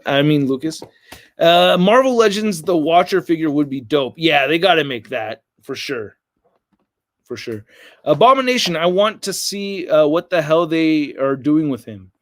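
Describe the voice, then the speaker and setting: A man's voice: fairly high pitch, animated, unhurried, dry recording. An American man hosting a casual livestream, rambling and reading viewer comments aloud. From United States. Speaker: livestream host.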